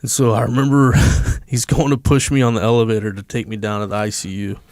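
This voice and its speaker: A man's voice: fairly low pitch, level tone, fast, a little mellow, no room sound. A man, a podcast guest, telling a story in a casual, blunt and emphatic way, swearing freely.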